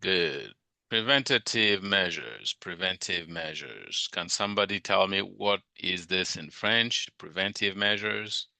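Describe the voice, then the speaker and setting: A man teaching a class, questioning his students over and over about word meanings. His voice is low and gravelly, yet bright and forceful. He speaks slowly, and the sound is dry and close. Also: no room sound. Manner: questioning, drilling students on vocabulary. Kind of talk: classroom lecture.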